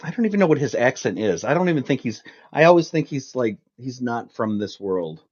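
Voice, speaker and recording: A man's voice: medium pitch, very animated, a little fast, darkish tone, husky. Joking man on a dull lo-fi line. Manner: joking, self-deprecating. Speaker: guest. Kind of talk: casual chat.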